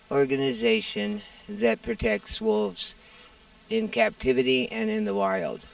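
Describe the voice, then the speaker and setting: A woman's voice: medium pitch, gravelly. A woman from New Mexico, founder of a wolf sanctuary, giving an earnest, emotional guided tour outdoors. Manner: emotional, earnest, talks fondly to the wolves. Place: outdoors at animal enclosures.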